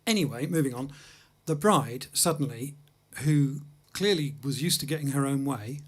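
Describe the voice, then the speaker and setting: A man's voice: medium pitch, expressive, normal speed, husky. A man from England hosting a music livestream, chatting casually between songs in a studio with self-deprecating, anecdotal humor. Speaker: host and jazz pianist-singer.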